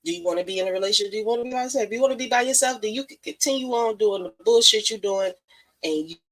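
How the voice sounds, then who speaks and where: A woman's voice: mid-range voice, very fast, fairly bright tone, poor audio. Blunt, profane woman giving advice. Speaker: podcast host. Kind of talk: casual live-stream monologue.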